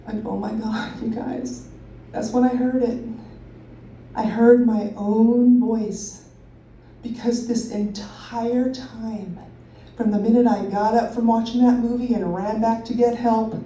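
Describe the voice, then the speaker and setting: A woman in her thirties telling a personal story live on stage, animated and self-mocking, laughing often. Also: on the high side, takes it slowly, slight background noise. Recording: roomy hall from a distance.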